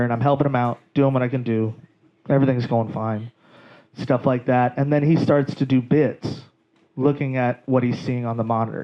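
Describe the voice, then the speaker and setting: A man doing stand-up on a comedy club stage, telling a rambling, animated anecdote. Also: mid-range voice, muffled recording. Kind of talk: stand-up storytelling.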